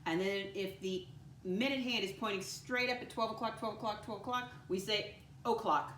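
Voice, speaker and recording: A woman's voice: mid-range voice, normal speed, fairly bright tone, a little hiss or hum. A woman teaching a first-grade lesson, encouraging and patient. She calls the children her friends and spells words out letter by letter. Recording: echoey room, voice from a distance.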